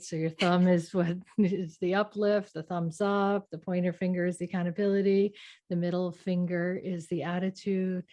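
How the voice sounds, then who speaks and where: A woman's voice: on the low side, dark tone. A woman hosting a podcast, giving a motivational talk and often checking in with "right?". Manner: repetitive, asks "right?" often. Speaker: podcast host.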